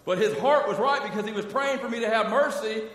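A middle-aged male pastor preaches with a high, ringing voice, sprinkling his sermon with quick "amen?" and "listen" asides. He sounds distant from the mic, and a long reverb trails each phrase through the church hall. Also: a bit bright. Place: church sanctuary. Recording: echoey hall from far off.

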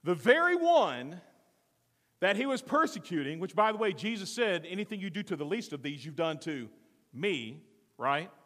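A man preaching a sermon with dramatic swings from loud to hushed, acting out the voices in the story. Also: high voice, very animated, moderate pace, long reverb tail. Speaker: pastor.

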